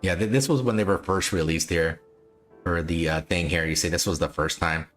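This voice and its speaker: A man's voice: low voice, brisk, a bit bright, faint music behind. A man hosting a livestream, chatting casually and repetitively with frequent chuckles. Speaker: livestream host.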